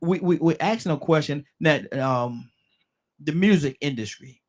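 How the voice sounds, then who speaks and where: A man hosting a call-in radio show, briskly keeping callers to time. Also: fairly high pitch. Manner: brisk, keeps callers moving. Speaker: radio host.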